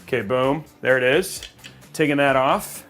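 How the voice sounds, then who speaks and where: A man's voice: medium pitch, unhurried, a bit bright, soft background music. A man hosting a live PC-building stream from a studio. He chats casually and cheerfully and rambles with plenty of fillers. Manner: chatty, upbeat, rambling with fillers. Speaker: livestream host building a PC.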